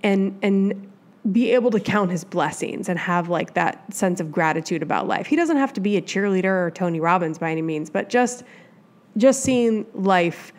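A woman's voice: mid-range voice, lively intonation, normal speed, a little mellow. A woman from the Midwest hosting a solo advice podcast, talking in a chatty, rambling way with lots of asides. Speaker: podcast host.

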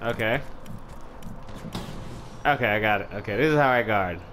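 A young man casually commenting while playing a fighting game, trash-talking opponents and shouting battle cries. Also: fairly low pitch, moderate pace, a little hiss or hum. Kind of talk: casual let's-play commentary.

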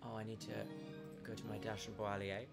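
A woman's voice: very deep voice, level tone, fairly quick, creaky, over loud music. A woman in her thirties streaming a horror game from home at a desk microphone, chatting casually and giggling, with big swoops in her voice. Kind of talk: casual live-stream commentary.

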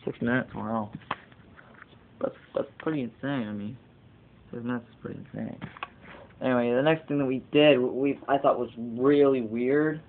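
A teenage boy with a gravelly, creaky voice rambles through a casual video blog, wandering off on tangents and swearing offhand. He is heard through a tinny, lo-fi webcam mic. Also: medium pitch, fairly even intonation, moderate pace, long pauses, slight background noise. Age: teens. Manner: rambling, digressive, casually profane. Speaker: vlogger.

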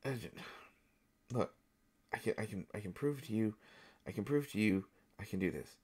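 A man's voice: fairly low pitch, animated, moderate pace, a little mellow, slightly rough. A man voicing a jittery, over-caffeinated male voice actor who stammers and repeats words nervously in an audio role-play.

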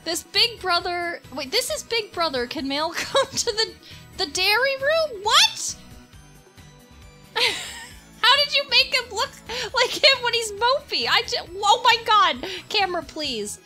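A woman streamer giving live gameplay commentary, giggling often, swearing and reacting loudly to the game. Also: very high-pitched, lively intonation, unhurried, faint music behind.

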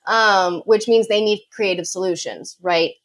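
Woman guest, mid-pitched, sure-footed explainer who slips in quick laughs; podcast interview. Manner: confident, explanatory, quick asides with light laughs. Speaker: dog behavior consultant guest.

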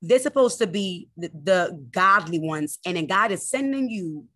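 A woman's voice: lively intonation, unhurried, fairly bright tone, no echo. Fervent woman preaching online. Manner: fervent preaching with Bible quotes; mocks critics in a high voice. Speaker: minister leading morning prayer. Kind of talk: online prayer sermon.

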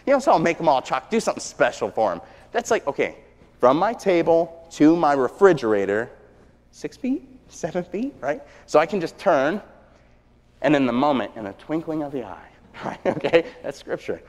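A man preaching a sermon, telling stories with energy that swings from hushed to shouting. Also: on the high side, very animated, moderate pace. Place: church sanctuary. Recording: long church reverb.

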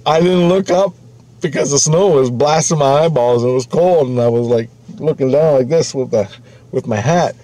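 A man's voice: mid-range voice, normal speed, mellow, natural voice, poor audio. A man retelling his shaken woman friend's words in a slightly raised voice, repeating herself. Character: shaken young woman friend recounting a close call.

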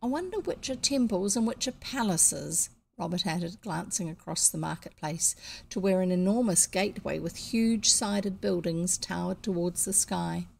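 A woman with a New Zealand accent reading a children's novel aloud, pausing to fix slips and add casual comments. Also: fairly low pitch, creaky, slight background noise. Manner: unpolished, stops to correct slips and comment. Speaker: audiobook reader.

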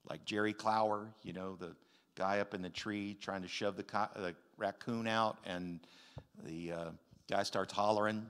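An older man preaching a sermon as pastor, emphatic, with loud stressed words and quiet asides. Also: lowish voice, fairly even intonation, moderate pace, clear, resonant tone. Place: large church sanctuary. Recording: long hall reverb.

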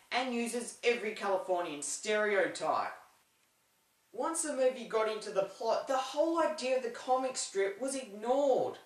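Sarcastic woman reviewing a movie. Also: fairly high pitch. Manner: sarcastic, opinionated, deadpan asides. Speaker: film reviewer. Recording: roomy echo, distant from the mic.

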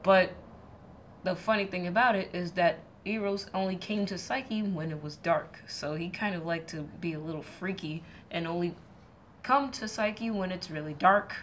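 A woman's voice: on the low side, moderate pace, slight background noise. A young woman streamer casually retelling a myth to her viewers, joking around and acting out the characters in playful voices. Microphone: streaming setup mic.

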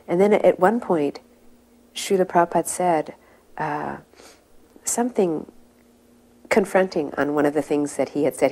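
Her voice deep and a little mellow, a middle-aged woman recalls a memory of the spiritual teacher she follows. She tells it reverently, letting the intensity climb as the story unfolds.

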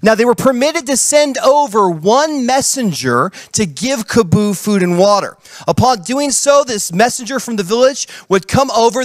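A male pastor tells a story during a sermon with dramatic, shifting pacing. His voice is high for a man and carries energy through each turn of the tale. The sound is dry and close, with no room echo.

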